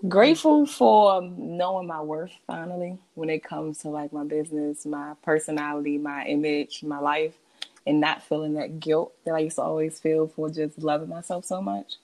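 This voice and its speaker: A woman from Washington, D.C., a guest on a casual podcast interview, talking in a calm, reflective way. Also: low voice, moderate pace, poor audio. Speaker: guest, entrepreneur and herbalist.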